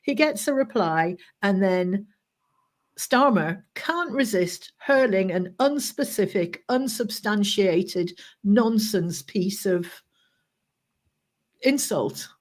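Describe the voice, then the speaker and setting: A woman co-hosting a political podcast in a conversational tone. She introduces clips and pushes back with sharp, sceptical questions. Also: mid-range voice, lively intonation, slow pace. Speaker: podcast co-host. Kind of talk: casual political chat.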